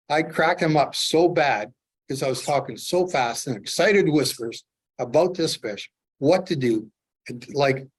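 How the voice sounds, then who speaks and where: A middle-aged man from Canada telling lively fishing stories while demonstrating fly tying to a club audience. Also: medium pitch. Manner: animated storyteller, acts out his own excitement. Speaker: fly tier, presenter.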